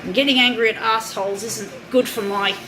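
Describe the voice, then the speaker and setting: A woman's voice: on the high side, steady tone, a little fast, sharp tone, slight background noise. A woman ranting and swearing angrily while she films a product demo on her phone, half-laughing at times. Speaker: vlogger.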